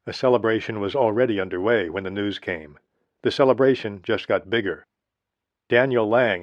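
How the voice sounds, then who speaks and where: A man narrating a history audiobook in a steady, measured reading. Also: lowish voice, dry recording. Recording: dry, slightly dull lo-fi recording.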